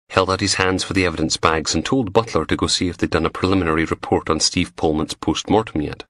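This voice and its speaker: A man narrating a crime novel audiobook in a lively, expressive storytelling manner. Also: low-pitched, brisk, dry recording, studio quality. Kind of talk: scripted narration.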